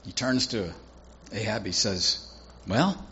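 A man's voice: lowish voice, dull audio, a little hiss or hum. A man preaching a sermon, retelling a Bible story and acting out the characters' lines. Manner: acts out characters' lines in quick animated voices.

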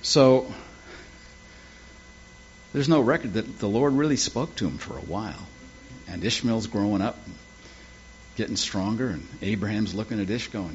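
A man's voice: fairly low pitch, normal speed, long pauses, a little hiss or hum. A man preaching a sermon with folksy, humorous storytelling. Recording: dull lo-fi with faint ambience.

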